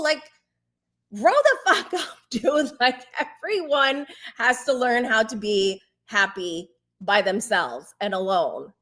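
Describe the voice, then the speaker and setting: A woman casually recapping a reality TV episode, chatty and sarcastic, often laughing, swearing freely and mocking people in a squeaky quoted voice. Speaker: host.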